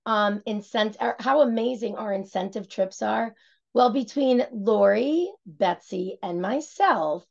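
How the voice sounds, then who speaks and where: A woman giving an upbeat, enthusiastic sales pitch and talking straight to her listeners. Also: vocal fry. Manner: enthusiastic, addresses listeners directly. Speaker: senior executive director presenting a sales event. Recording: muffled lo-fi audio.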